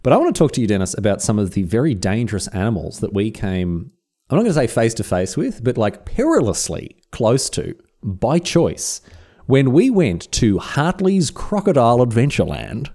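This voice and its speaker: A man's voice: mid-range voice, sing-song, normal speed, mellow. A man co-hosting a podcast, telling travel stories and trivia in a rambling, playful casual chat. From Australia. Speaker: podcast co-host.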